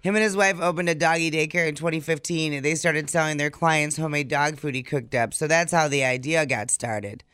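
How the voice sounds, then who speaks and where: A man's voice: on the high side, fairly even intonation, fairly quick, hardly any pauses, bright, forceful tone, clean tone, no echo, clean studio sound. A man co-hosting a morning show podcast, reading out odd news stories with sardonic asides. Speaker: co-host. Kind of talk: casual morning show banter.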